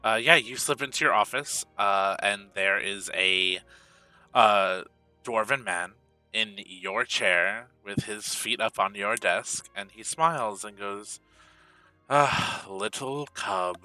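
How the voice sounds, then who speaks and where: Man, game master, slow narration, bright voice, dry sound. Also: lowish voice, dry recording, faint music behind. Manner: slow, with many fillers.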